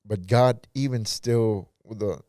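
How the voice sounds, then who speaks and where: A man's voice: lowish voice, takes it slowly, mellow, no room sound, studio quality. A man, a pastor on a podcast, telling his life story earnestly and acting out past conversations. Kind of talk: personal testimony in casual talk.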